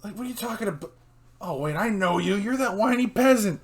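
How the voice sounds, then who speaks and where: A man voicing a vain, whiny young male emperor who has been turned into a llama, in a shrill, squawking voice. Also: expressive, a little fast. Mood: snooty.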